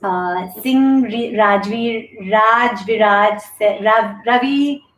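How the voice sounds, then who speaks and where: A woman's voice: mid-range voice, slow pace. A middle-aged woman hosting a live stream, chatting candidly and thanking viewers as she reads their comments aloud. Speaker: show host and yoga instructor. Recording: echoey room.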